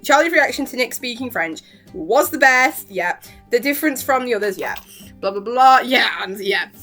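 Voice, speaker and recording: A young woman rambling excitedly about a TV series, giggling often and acting out the characters' lines, her voice a little worn. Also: a little high, moderate pace, soft background music. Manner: gushing, giggly, lots of fillers and quoted reactions. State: voice worn, partly lost. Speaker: vlogger reviewing a TV series.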